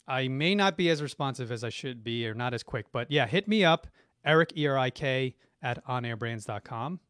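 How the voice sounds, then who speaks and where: A man's voice: mid-range voice, animated, normal speed, a bit bright, no echo, clean studio sound. A middle-aged man, a branding expert, enthusiastically answering viewer questions on a live stream, speaking effusively and often restarting his sentences. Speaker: branding and marketing expert guest. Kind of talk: live-stream Q&A reading chat comments.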